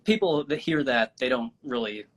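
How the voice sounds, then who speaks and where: A man from Minnesota co-hosting a casual chat, talking haltingly with many fillers. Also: medium pitch, expressive. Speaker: co-host.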